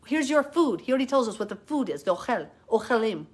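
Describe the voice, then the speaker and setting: Woman, live-stream Bible teacher, fervent and argumentative, slightly high voice. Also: very animated, quick pace, few pauses, husky. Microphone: phone or webcam, live stream.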